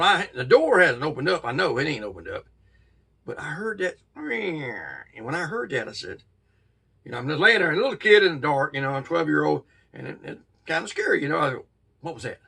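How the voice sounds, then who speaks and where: A middle-aged man, telling a childhood ghost story in a folksy, drawn-out way with sudden bursts. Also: a little high, a bit bright, distant mic. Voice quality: gravelly, husky. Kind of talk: casual spoken ghost story.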